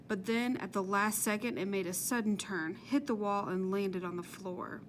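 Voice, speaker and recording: A woman narrating a children's chapter book with steady, measured storytelling. Her voice sits at a middle pitch, with a faint hiss behind it. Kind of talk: audiobook narration.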